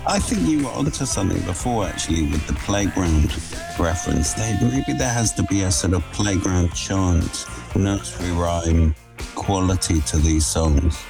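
Gravelly low-voiced male co-presenter. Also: animated, normal speed. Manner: musing, conversational. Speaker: radio co-presenter. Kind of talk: casual radio chat. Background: music bed.

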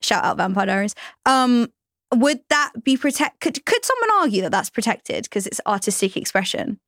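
A woman co-hosting a podcast, chatty and curious, pushing with questions and laughing easily. Her pitch swings widely and sits fairly high, with a dry, close recording. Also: very animated, moderate pace, fairly bright tone, no room sound. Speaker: podcast co-host. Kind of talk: podcast discussion.

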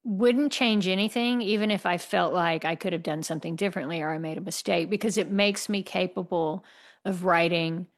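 A woman from the United States, an author answering interview questions in a candid, passionate way and laughing wryly. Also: lowish voice. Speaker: author guest.

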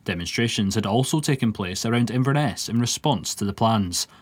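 A man reading a scripted radio news report in a steady, formal way. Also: on the low side, a little fast, husky.

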